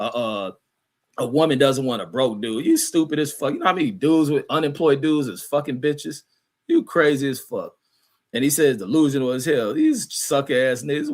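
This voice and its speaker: A man hosting a livestream, ranting heatedly and profanely while reading chat comments aloud, rambling with restarts and fillers. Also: medium pitch. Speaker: livestream host.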